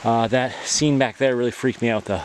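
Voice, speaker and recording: A man's voice: medium pitch, steady tone, brisk, slight background noise. A man filming himself on a hike outdoors, giving casual, wry running commentary. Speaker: hiker filming his trip. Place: outdoors on a forest trail.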